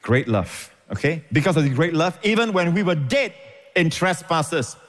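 A man's voice: fairly high pitch, animated, normal speed, big-room sound. A man preaching a sermon as pastor, emphatic and repeating phrases for stress.

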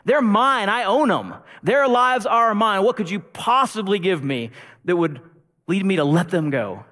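A preacher voicing a cruel, arrogant male slave master who shouts with scorn. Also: high voice, animated, unhurried, in a large hall, pitched above the performer's own voice, heavily acted. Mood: scornful.

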